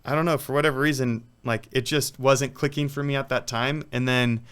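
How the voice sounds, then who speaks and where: A man's voice: mid-range voice, steady tone, brisk, a bit bright, smooth. A man, a professional athlete, talking casually in an interview, rambling through stories with lots of "like" and "you know.". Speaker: guest, professional water polo player.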